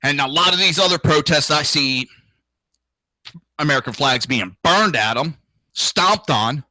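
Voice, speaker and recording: Expressive and measured, a man with a slightly high, bright, forceful voice rants on his political talk show, crudely outraged, profane, and mocking others through impressions. The recording is dry and of poor quality.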